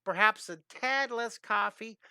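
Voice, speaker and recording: A man putting on a soft-spoken, gentle older male painter who talks in a calm, polite, hesitant way. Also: sits high, measured pace, clear, resonant tone, no echo, clean studio sound, voice pushed up, full character voice.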